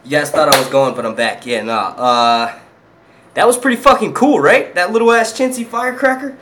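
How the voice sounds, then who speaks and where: A man's voice: a little high, moderate pace, a bit bright. A young man from Philadelphia, hosting his own channel and chatting casually, profane and rambling, laughing often. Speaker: YouTube channel host. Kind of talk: casual live stream chat.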